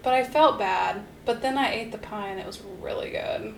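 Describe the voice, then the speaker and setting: A woman co-hosting a podcast in casual chat, self-mocking and quick to laugh, then narrating a cold case. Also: fairly high pitch, gravelly, reverberant, background noise. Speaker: podcast co-host.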